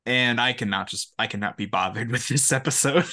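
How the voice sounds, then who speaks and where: A young man co-hosting a podcast, telling stories in a lively, laughing way. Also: medium pitch, fairly quick. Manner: animated, laughing, quotes friends in voices. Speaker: podcast co-host. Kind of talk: casual chat, storytelling.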